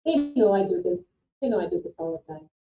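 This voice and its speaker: A woman's voice: mid-range voice, expressive, fast. A woman playing in a tabletop game, speaking in a playful, hesitant way. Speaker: player. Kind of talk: casual tabletop play. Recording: tinny phone-like call audio with echo.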